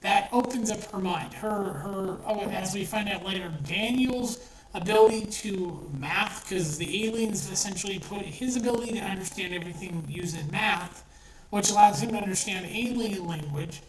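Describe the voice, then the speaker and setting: Over crowd noise, a woman of medium pitch and normal speed gives a blunt, exasperated film review, swearing often and restarting her sentences. It's a casual rant captured in an echoey room, her voice a little far from the mic, with faint noise.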